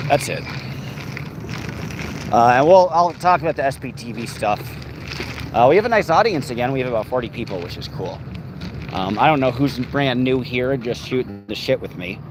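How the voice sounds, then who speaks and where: A man livestreaming from his phone while walking outdoors on a city street, talking casually to his chat, swearing and getting worked up. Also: medium pitch. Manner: frustrated, swearing, heated then reading chat. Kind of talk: casual live stream chat. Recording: phone mic with loud street traffic. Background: street and traffic noise.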